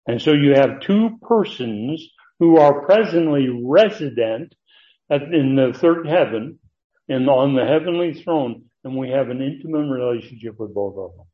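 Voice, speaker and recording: A man teaching a Bible passage to a class, earnest and emphatic, slowing down to stress key words as he reads from his notes. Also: medium pitch, expressive. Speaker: pastor teaching a Bible study. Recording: dull lo-fi recording.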